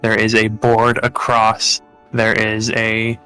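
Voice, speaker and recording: Halting, bright-voiced male game master. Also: on the low side, completely flat delivery, clear, resonant tone, faint music behind. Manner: halting, full of fillers and restarts. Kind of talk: narrating a tabletop game.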